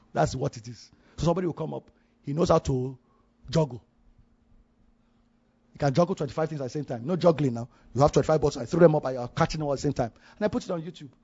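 A man preaching a sermon in a husky, fairly high voice. He circles back over his phrases and puts questions to the congregation. The recording sounds muffled and lo-fi. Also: darkish tone. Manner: repeats and restarts phrases, asks the congregation questions.

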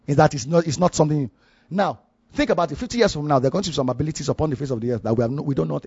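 A man's voice: on the high side, racing, a little mellow, husky, dull audio. A man preaching a sermon, restarting phrases and asking his listeners questions. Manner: repeats and restarts phrases, asks the congregation questions.

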